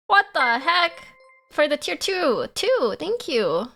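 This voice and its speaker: Young woman streamer, high and bright, giggly, talks slow and stretchy, super bubbly with chat. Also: very animated. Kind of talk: casual livestream chat, reading chat aloud.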